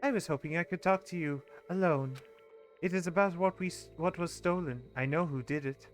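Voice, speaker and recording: A man reading out a young woman's dialogue from a game as she calmly confesses, in a plain and formal manner. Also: fairly high pitch, a little fast, faint music behind, lightly acted. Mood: scheming. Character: scheming young woman confessing, calm and polite.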